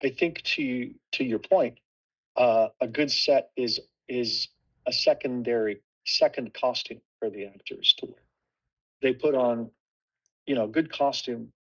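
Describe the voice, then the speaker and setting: Man, gravelly husky voice, thoughtful with restarts, dull lo-fi sound. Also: medium pitch, measured pace, fairly bright tone. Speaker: production designer. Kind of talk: casual panel discussion.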